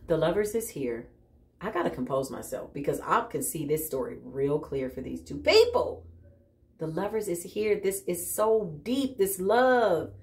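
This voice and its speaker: A woman doing a casual spiritual tarot reading, animated and exclaiming often, with frequent laughs. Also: fairly low pitch, a little slow, pauses often. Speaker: tarot reader.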